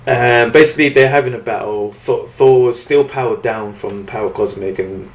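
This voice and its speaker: A man's voice: mid-range voice, normal speed, roomy sound. A man casually recapping a comic book story on a podcast, rambling and acting out the characters' lines. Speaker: podcast co-host.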